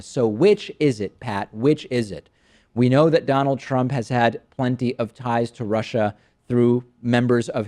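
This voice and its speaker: A man's voice: mid-range voice, darkish tone. A man in his thirties hosting a political commentary show, reading out quotes with mocking, sarcastic emphasis.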